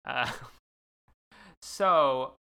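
A woman co-hosting a casual podcast, giggly and animated as she leads the chat. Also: very deep voice, very slow, clean tone. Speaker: podcast co-host.

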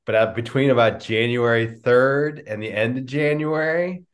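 A middle-aged man, a business coach, answering interview questions with lively storytelling and acted-out dialogue over a video call. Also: mid-range voice, normal speed. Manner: animated storyteller, acts out quoted dialogue. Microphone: remote video call.

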